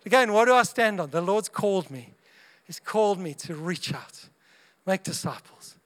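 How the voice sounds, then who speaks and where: A man with a notably high voice delivers a sermon to his congregation. He talks in a chatty, joking way and keeps acting out short exchanges between people. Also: expressive, moderate pace, fairly bright tone. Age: adult parent of young children. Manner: chatty and humorous, acts out little dialogues. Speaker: preacher.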